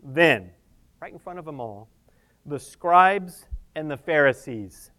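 A man preaching a sermon with passion, swinging between loud emphasis and hushed tones, with casual humorous asides. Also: fairly high pitch, lively intonation, slow.

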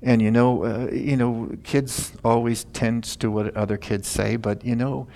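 Older male preacher, folksy storyteller, mid-pitched voice, lots of fillers, bursts high and loud then drops to soft asides. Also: fairly even intonation, measured pace, gravelly. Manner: conversational, many "you know" fillers.

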